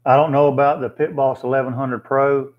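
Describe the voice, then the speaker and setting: A man with a mid-range voice talks fairly quickly, his pitch barely moving, over dull-sounding audio. He's hosting a casual livestream, reading viewer comments and chatting plainly while thinking aloud with fillers.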